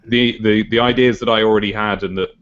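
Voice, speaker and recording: A man's voice: fairly low pitch, steady tone, quick pace, fairly bright tone, clear, resonant tone. A British man chatting on a podcast, musing aloud and hedging his opinions. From United Kingdom. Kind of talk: casual chat. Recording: dull lo-fi podcast recording.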